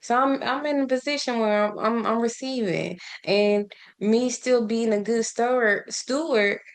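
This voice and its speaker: Woman, casual faith vlogger, talkative and preachy, with a gravelly texture. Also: on the high side, measured pace. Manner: conversational and preachy, asks rhetorical questions, laughs often; repeats words and restarts often. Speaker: faith and self-care vlogger. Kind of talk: casual spoken devotional.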